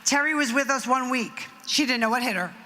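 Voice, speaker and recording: A middle-aged woman, a nonprofit founder, gives a speech at an event hall in a high-pitched, brisk voice. She tells a story with acted-out quotes and asides. The recording has hall reverb and faint noise.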